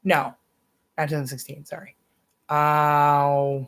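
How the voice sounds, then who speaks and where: A young woman from the United States talks off the cuff on a live reaction stream, pitched a little on the low side. She rambles, doubles back mid-sentence and drops swear words freely. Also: little pitch movement, measured pace, pauses often. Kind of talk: casual live reaction chat.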